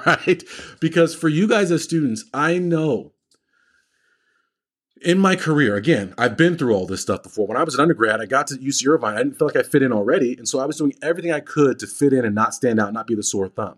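A man's voice: mid-range voice, lively intonation, fast talker, slightly rough. A man coaching premed students on a livestream, telling stories with energy and acting out the voices of the people he quotes.

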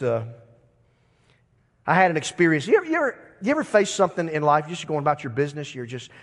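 A middle-aged man preaching a sermon, moving between quiet, conversational asides and emphatic declarations. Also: a little high, in a large hall. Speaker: pastor.

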